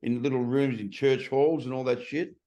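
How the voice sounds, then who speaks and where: A man's voice: medium pitch, steady tone, moderate pace, dark tone. An Australian man hosting a casual podcast chat, telling blunt stories with some swearing.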